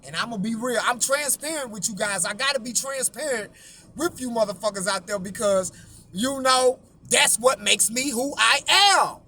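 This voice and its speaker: A man's voice: very high-pitched, moderate pace, sharp tone, slight background noise. A man hosting his own channel, telling a long story in a blunt, profane way and often repeating himself. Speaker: YouTube host.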